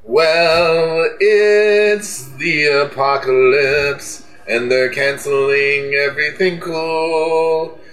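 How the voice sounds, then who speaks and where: Slow-talking sardonic male co-host. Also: fairly high pitch, steady tone, fairly bright tone, faint music behind. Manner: dry, sardonic humor. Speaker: podcast co-host. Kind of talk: casual podcast chat.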